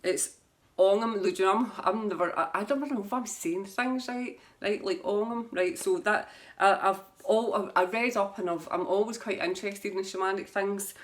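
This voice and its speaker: A woman's voice: mid-range voice, normal speed. A woman who reads tarot, chatting casually to camera about her books in a rambling way and laughing at herself. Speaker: tarot reader. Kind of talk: casual book chat to camera.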